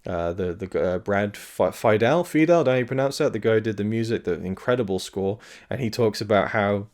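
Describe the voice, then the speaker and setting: Casting: male podcast host, slightly low voice, loose rambling film talk. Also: brisk, darkish tone. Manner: rambling, lots of fillers and restarts. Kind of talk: casual solo commentary.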